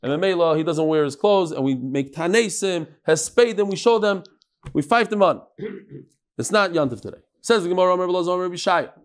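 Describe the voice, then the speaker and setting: A man teaching a Talmud class in a lively, joking lecture style, sometimes chanting phrases. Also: sits high, fast talker.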